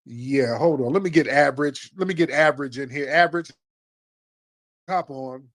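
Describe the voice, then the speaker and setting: A man's voice: mid-range voice, normal speed, no room sound, clean studio sound. A man hosting a talk show in a laid-back, jokey way. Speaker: host.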